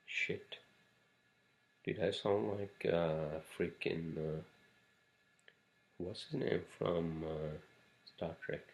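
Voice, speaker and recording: A man's voice: low voice, fairly even intonation, very slow, vocal fry, pauses often. A man hosting a casual solo podcast, rambling from topic to topic with frequent swearing and fillers. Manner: rambling, profane, many fillers and asides. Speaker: podcast host.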